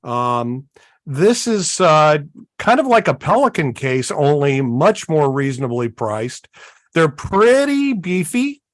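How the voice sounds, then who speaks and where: A man talks through gear on a live hobby show in a slow, easygoing way, with plenty of "uh" and "um" along the way. His voice sits in a middle range and sounds dry and close, with no room around it. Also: mid-range voice, animated, no echo. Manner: unhurried, folksy, many fillers. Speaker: co-host. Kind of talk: casual show-and-tell chat.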